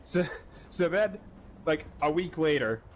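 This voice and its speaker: Animated man telling a story, lively pitch. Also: a little slow, slight background noise. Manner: animated, swearing, acts out dialogue. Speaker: gaming video co-host. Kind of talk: casual storytelling chat.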